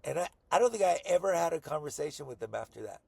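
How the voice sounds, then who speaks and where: A man's voice: on the high side, animated, fast, crowd noise. A man telling a rambling, profane story to friends on a podcast, often quoting the people in it. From Colorado, US. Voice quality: gravelly, husky. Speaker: podcast co-host. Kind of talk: casual storytelling among friends.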